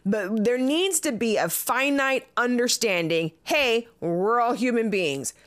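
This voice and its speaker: A woman's voice: on the high side, animated, unhurried, fairly bright tone. A woman in her late thirties giving casual commentary as a vlogger, blunt and profane, often breaking into laughter between remarks. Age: late 30s.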